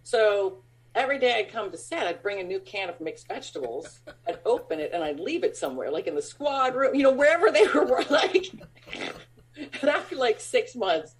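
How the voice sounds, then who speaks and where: In a laid-back interview, a woman who acts and does stand-up spins stories in a husky voice that sits on the high side, at normal speed. Her delivery is animated and full of fillers, with frequent laughter and impersonations of others' lines.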